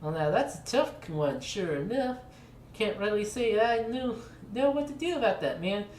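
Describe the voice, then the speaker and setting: A woman voicing an old male cowboy shopkeeper who talks in a slow, folksy drawl. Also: mid-range voice, expressive, a little mellow, pitched above the performer's own voice, close to an everyday voice. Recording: echoey room with faint noise.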